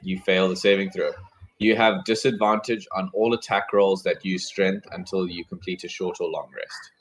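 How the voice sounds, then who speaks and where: A man narrating and running combat as game master, in a relaxed way with many fillers. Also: deep voice, normal speed, low-quality recording.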